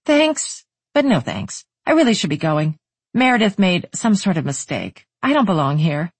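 A woman's voice: fairly low pitch, sing-song, normal speed, breathy edge, dry recording, full character voice. A narrator voicing a wary, irritated young woman artist who answers in clipped, defensive lines.

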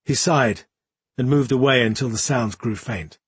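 A man reading a fantasy novel as an audiobook in a measured, even storytelling manner. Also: medium pitch, husky, no room sound. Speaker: audiobook narrator. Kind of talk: scripted fantasy narration.

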